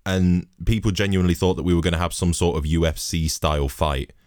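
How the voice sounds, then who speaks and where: A young man, a podcast host, telling a sweary, lively anecdote in a casual monologue. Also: low-pitched, fast, no echo, clean studio sound.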